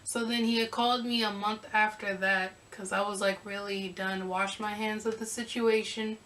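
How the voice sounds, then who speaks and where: Bright, sassy young woman vlogger. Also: mid-range voice, moderate pace, recorded from a distance, a little hiss or hum, rough recording. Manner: sassy, animated retelling with quoted back-and-forth. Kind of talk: casual storytime.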